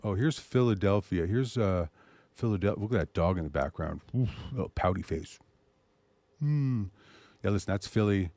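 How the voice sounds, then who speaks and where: A man hosting a show, pitching his service in a loose, animated way and muttering asides to himself. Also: normal speed, no room sound. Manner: animated salesy pitch, mutters asides while browsing pictures. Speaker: host. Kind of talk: casual promotional talk.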